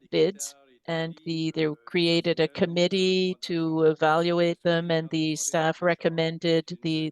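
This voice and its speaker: A man presenting staff reports at a city council meeting, halting, with many restarts and fillers. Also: a little high, clear, resonant tone.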